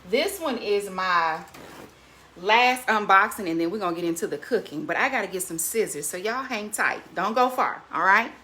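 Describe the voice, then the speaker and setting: An older woman, hosting a casual cooking vlog and chatting warmly and animatedly to her viewers, laughing often. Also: mid-range voice, animated, moderate pace, slight background noise. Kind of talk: casual unboxing chat to viewers.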